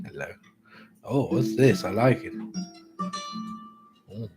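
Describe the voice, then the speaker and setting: A man's voice: on the low side, lively intonation, slow pace, music in the background. A British man hosting a live tarot-reading stream, chatting casually with dry, self-mocking humour. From Britain. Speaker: tarot reader host.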